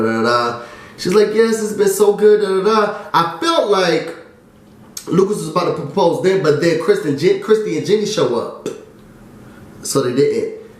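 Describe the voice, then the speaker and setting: A chatty, excitable man with a high voice runs through a TV recap. He fills gaps with "um" and "da, da, da." His voice rings around a bare, echoey room. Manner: chatty and excitable, drops fillers and "da, da, da". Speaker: TV recap vlogger. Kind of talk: casual recap and review.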